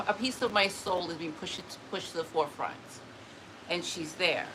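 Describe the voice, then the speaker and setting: A woman talking casually and emotionally to camera, often pausing to address an unseen spirit, with quick restarts and repeated words. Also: fairly low pitch. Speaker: spiritual vlogger. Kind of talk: casual personal talk to camera. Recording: noticeable background noise.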